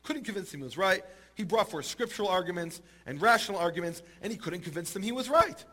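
A man telling a Talmud story in a lively, humorous way and acting out the characters. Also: high-pitched, fast. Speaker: teacher retelling a Talmud story. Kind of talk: animated storytelling talk.

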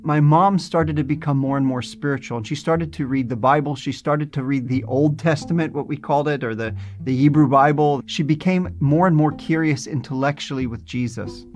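A man's voice: on the high side, normal speed, few pauses, soft background music. Earnest man telling his testimony. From New Jersey, USA. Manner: earnest storytelling, reflective. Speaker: testimony speaker. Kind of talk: personal testimony.

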